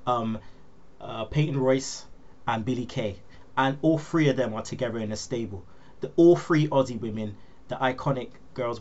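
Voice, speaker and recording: Man, podcast host, casual, halting with ums, muffled lo-fi audio. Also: mid-range voice. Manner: hesitant, many ums, asks questions. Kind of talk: casual chat.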